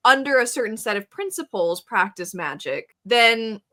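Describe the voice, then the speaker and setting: Bright-voiced woman chatting animatedly. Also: on the high side, moderate pace. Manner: animated, acts out quoted lines with laughs. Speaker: guest. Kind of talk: casual chat.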